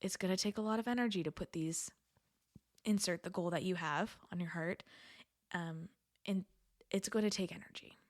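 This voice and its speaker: A woman's voice: fairly low pitch, moderate pace, pauses often, no echo, studio quality. A young adult woman hosting a solo podcast in a chatty, earnest way, laughing often and repeating words for emphasis. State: has the hiccups. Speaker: podcast host. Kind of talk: casual solo podcast talk.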